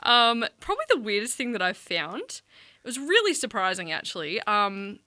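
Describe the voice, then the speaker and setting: A woman co-hosting a youth radio podcast in a studio, telling stories in a giggly, animated way. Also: mid-range voice, normal speed, no room sound. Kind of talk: casual chat.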